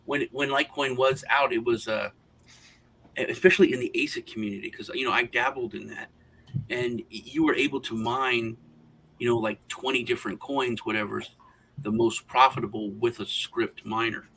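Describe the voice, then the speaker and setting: Guy cohosting a chat, goes off on long stories, average pitch, faint noise behind. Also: fairly even intonation, normal speed, a bit bright, rough recording. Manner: rambling anecdotal storyteller. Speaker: co-host. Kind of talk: casual roundtable chat.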